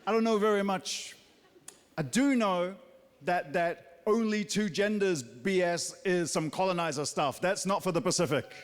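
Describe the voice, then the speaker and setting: A man's voice: high voice, normal speed, long reverb tail. A New Zealand man in his thirties doing a stand-up set on a theatre stage, punchy, with mocking asides. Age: 30s. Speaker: stand-up comedian.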